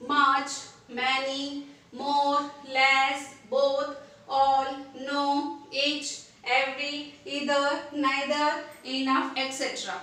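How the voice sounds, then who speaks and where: A woman teaching grammar, repeating words and examples slowly and mixing in Hindi. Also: high voice, flat delivery, bright, forceful tone, recorded from a distance. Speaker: English teacher. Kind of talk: grammar lesson. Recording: echoey room from afar.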